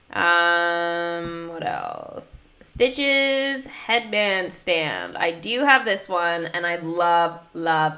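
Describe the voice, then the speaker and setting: Bright, bubbly woman streamer. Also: fairly low pitch. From United States. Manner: bubbly, chatty, many fillers. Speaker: gaming livestreamer. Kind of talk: casual livestream chat.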